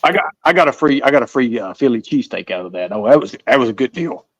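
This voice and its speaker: A man's voice: mid-range voice, expressive, quick pace, fairly bright tone, dry recording, dull audio. A man from the American South with a Southern accent, a guest telling stories in a casual interview, rambling and repeating himself. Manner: rambling, repeats words, acts out voices in stories.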